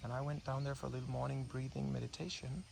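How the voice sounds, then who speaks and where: A man giving unscripted, hushed commentary as he films wildlife outdoors on a morning walk, talking to himself with restarts. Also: mid-range voice, flat delivery, fast talker, creaky. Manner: hushed, wondering, thinking aloud with restarts. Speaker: breathing coach filming wildlife. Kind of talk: unscripted nature commentary while filming. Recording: outdoor insect and bird noise. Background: insects and birds.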